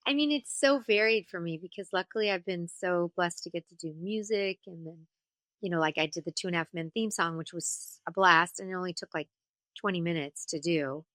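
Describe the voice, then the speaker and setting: A woman voice actor and singer chatting as an interview guest, telling stories in an animated way and slipping into character voices. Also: on the low side, fairly quick, no room sound. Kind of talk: casual interview chat.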